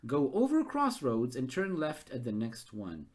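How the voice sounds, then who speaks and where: An impatient maze master barks short directions, as a man voices him during a game narration. The voice moves lively up and down in pitch and sits at a middle height. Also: unhurried. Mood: instructing. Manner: curt, giving terse directions.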